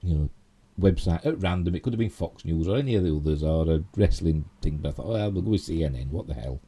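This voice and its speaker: A middle-aged man with a Yorkshire accent chatting through a casual live stream, rambling with many fillers and asides, his voice a little hoarse. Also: low-pitched, animated, fast, warm tone. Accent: Yorkshire English. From Yorkshire, England. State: slightly hoarse. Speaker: channel host.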